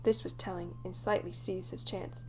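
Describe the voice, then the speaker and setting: A woman reading a children's audiobook as narrator, in lively storytelling. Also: lowish voice, normal speed, a little hiss or hum. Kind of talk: scripted narration.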